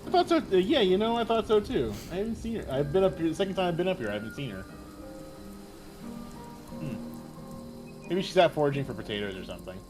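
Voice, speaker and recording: A man's voice: a little high, sing-song, brisk, long pauses, music in the background. A man playing a tabletop game, speaking offhand and casually. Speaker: player. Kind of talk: tabletop role-play.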